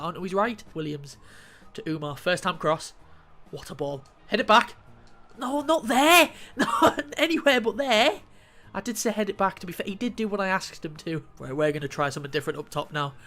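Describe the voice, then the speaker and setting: Swearing young man commentating gameplay. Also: fairly high pitch. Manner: swears freely, swings from calm to fuming. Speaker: gaming YouTuber.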